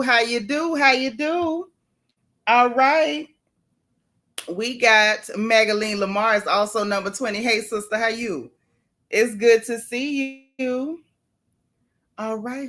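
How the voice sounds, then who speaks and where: A woman talks casually to her live-stream viewers from home, close to the camera. Her voice sits a little high, and she calls out each viewer by name in a playful, chatty way. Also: fairly bright tone. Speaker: livestream host.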